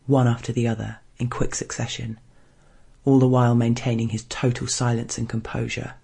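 A man reading an erotic first-person story in a hushed, measured narration. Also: mid-range voice, little pitch movement, gravelly, slightly rough.

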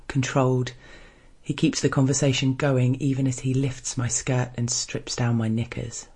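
A man reading a first-person erotic story aloud in a soft, hushed, restrained way. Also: mid-range voice, husky. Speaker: story narrator.

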